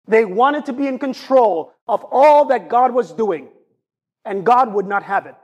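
A man preaching a sermon in an animated, conversational way, often turning to ask his congregation questions. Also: very high-pitched, a little slow, husky, muffled recording.

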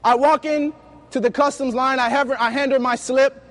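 A man preaching a sermon, telling lively personal stories and acting out the dialogue. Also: extremely high pitch, moderate pace. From United States. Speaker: youth preacher.

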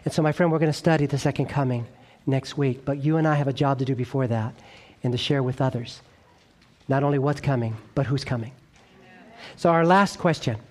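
A man preaching an evangelistic sermon, earnest and urgent, rising in emphasis and then dropping low and quiet, often checking in with his listeners. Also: a little fast.

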